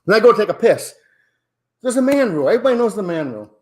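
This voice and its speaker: A man's voice: sits high, sing-song, very fast. A man in his sixties telling a rowdy, profane story in a casual podcast chat. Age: 60s.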